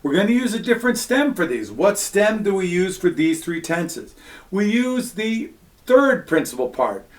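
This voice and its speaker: Man, Latin teacher, patient step-by-step explainer, slightly higher voice, fillers between points. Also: very animated, normal speed. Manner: patient step-by-step explaining, frequent "all right" and "um". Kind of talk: recorded classroom lesson.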